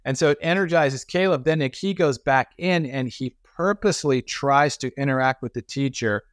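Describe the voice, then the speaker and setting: A man's voice: mid-range voice, moderate pace, dry recording. Middle-aged man, dry close voice. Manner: animated, acts out quoted voices; frequent restarts and repetitions. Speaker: guest. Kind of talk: conversational storytelling.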